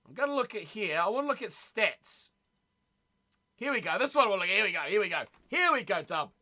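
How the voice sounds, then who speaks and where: A man hosting a live stream in an easy, chatty way. He talks to his viewers as if they were in the room, repeating words as he reacts. His voice sits high and has a sharp, bright edge. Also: sing-song, fast. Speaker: streamer reading live chat. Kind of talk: casual live-stream chat.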